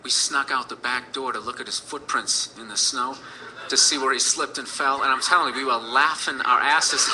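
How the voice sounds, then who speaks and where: A man's voice: medium pitch, steady tone, moderate pace, noisy background. A man in his thirties telling a personal story in a rambling, profane way, full of fillers.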